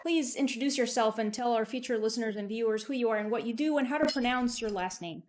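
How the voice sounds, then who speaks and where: A woman's voice: fairly high pitch, fast talker, a little hiss or hum. Curious woman hosting an interview. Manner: curious, probing questions. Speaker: podcast host. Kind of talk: casual interview conversation.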